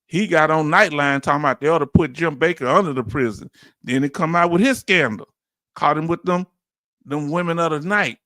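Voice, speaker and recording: A man with a Southern Louisiana accent giving an animated, preachy commentary as host, full of rhetorical questions and chuckles. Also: on the high side, fairly quick, dry recording, studio quality. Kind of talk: casual commentary monologue.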